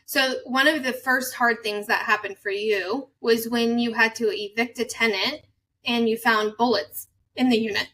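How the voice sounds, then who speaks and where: Woman podcast host, bright, higher voice, distant mic, attentive. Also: fairly even intonation, moderate pace. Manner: warm-toned, affirming, frequent "mm-hmm". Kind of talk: conversational interview.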